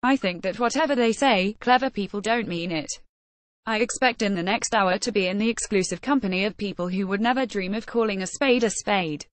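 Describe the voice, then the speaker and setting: A woman narrates a memoir at an even, measured pace, her voice sitting at a middle pitch for a woman. The sound is close and dry, with no room around it. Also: no echo. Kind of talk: audiobook memoir reading.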